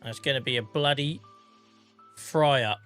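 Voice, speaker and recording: A man in his forties, live streaming a farming game and chatting casually with his chat, joking, laughing often and greeting viewers by name on a boom-arm mic. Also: moderate pace, a bit bright, faint music behind. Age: 40s. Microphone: boom-arm microphone.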